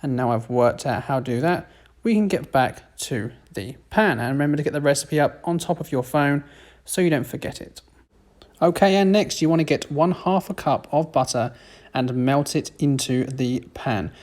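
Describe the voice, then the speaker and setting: A man's voice: fairly high pitch, normal speed, a little mellow. A British man giving a casual, self-deprecating voiceover for a home cooking video. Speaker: cooking vlogger.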